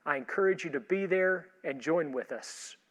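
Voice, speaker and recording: Measured pastor with a lot of hall reverb. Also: male voice, fairly high pitch, fairly bright tone. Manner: measured, asks a string of rhetorical questions. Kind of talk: sermon preview talk.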